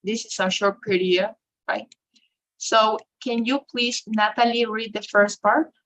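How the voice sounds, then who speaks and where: A woman's voice: a little high, steady tone, measured pace, fairly bright tone, low-quality recording. A woman teaching an English class over a video call, explaining step by step with many fillers and tag questions. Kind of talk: online class instruction.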